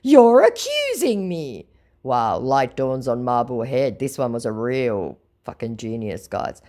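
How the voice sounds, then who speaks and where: A woman's voice: very deep voice, steady tone, unhurried, a little mellow. A woman hosting a scam-baiting video, reading out chat logs with sarcastic, mocking narration. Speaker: scam-baiting channel host.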